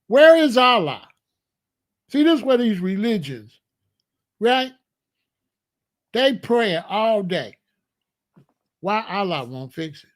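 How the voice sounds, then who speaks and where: A man's voice: high-pitched, very animated, slow pace, pauses often. A man hosting a comedic monologue, preachy and full of rhetorical questions. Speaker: comedian host.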